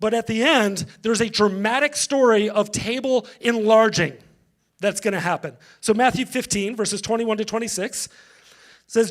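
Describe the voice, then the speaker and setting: A man's voice: sits high, moderate pace. A male pastor giving a conversational sermon, engaging the congregation directly.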